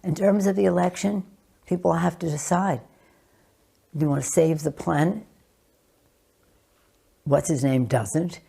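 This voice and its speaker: An older woman politician answering interview questions in a measured, emphatic way, with pauses and restarts. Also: fairly low pitch, steady tone, gravelly, dark tone, breathy edge.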